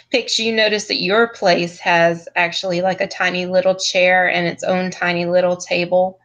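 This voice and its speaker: A woman narrating a tabletop game as game master, describing scenes in unhurried detail. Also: lowish voice, little pitch movement, a bit bright, rough recording.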